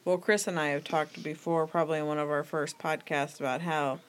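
A woman's voice: low voice, steady tone, a little fast. A woman co-hosting a faith podcast in casual chat, speaking reflectively and confessionally. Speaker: podcast co-host.

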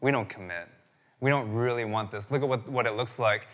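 A man's voice: mid-range voice, fairly quick, a bit bright, big-room sound. A man in his thirties preaching a sermon as pastor, telling stories in a casual, conversational way and often asking "right?". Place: church.

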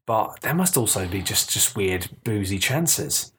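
A man's voice: fairly low pitch, big pitch swings, a little slow, a bit bright, slight background noise. A man, co-hosting a podcast in casual chat, joking and rambling. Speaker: podcast co-host.

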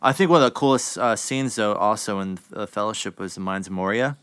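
Man, low smooth voice, casual podcast host, rambling, swearing, dry close sound. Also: a little fast, fairly bright tone, no echo. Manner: rambling, frequent fillers and swearing. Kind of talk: casual film chat.

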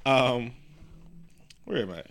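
A man's voice: medium pitch, lively intonation, slow, vocal fry, fairly bright tone. A man co-hosting a casual podcast, recapping a movie with profane jokes and acted-out quotes. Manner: profane, joking, acts out quotes. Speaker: podcast co-host.

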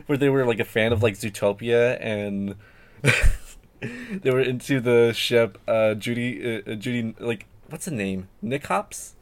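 A man talking casually as a podcast guest, rambling and hesitant with many fillers and restarts. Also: medium pitch. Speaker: guest artist.

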